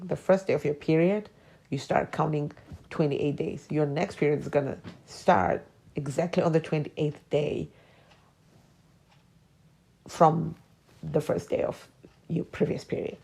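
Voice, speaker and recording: Low gravelly woman in her forties. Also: steady tone, measured pace, dark tone. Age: 40s. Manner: hesitant, drops into whispers when emotional. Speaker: podcast host. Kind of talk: personal reflective monologue.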